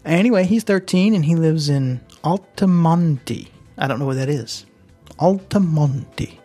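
A man's voice: fairly high pitch, normal speed, dark tone, faint music behind. A man hosting a podcast in a loose, rambling and jokey casual chat. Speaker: podcast host.

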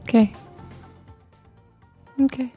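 A woman's voice: slow, warm tone, soft background music. A woman co-hosting a radio show, chatting casually and playfully with her husband.

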